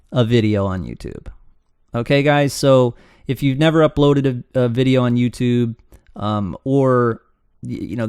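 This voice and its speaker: Man, business coach, rambling casual teaching, mid pitch, dry sound. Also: clean tone, no room sound. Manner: rambling, animated, acts out students' voices. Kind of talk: casual screen-share teaching.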